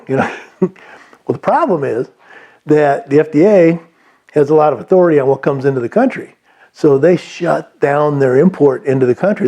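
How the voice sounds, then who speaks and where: A man speaks in a mellow, fairly high voice, giving casual, unscripted sales advice to business owners. He rambles and restarts often, padding his talk with fillers. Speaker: sales trainer.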